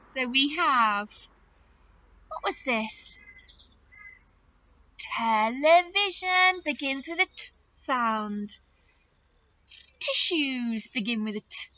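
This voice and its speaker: A woman teaching a phonics lesson to young nursery children, animated and sing-song, with gasps of surprise and slow, drawn-out words. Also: high voice, highs cut off.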